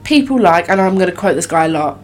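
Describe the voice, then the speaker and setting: A woman's voice: fairly low pitch, lively intonation, quick pace, faint music behind. A woman co-hosting a casual podcast, reacting bluntly with frequent swearing. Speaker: podcast co-host. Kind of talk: casual true-crime chat.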